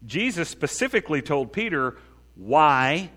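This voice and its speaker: A pastor delivers a sermon in a conversational style, acting out prayers along the way. His voice is a little high, bright and pushed, very animated yet unhurried. The long reverb of a large hall surrounds the recording.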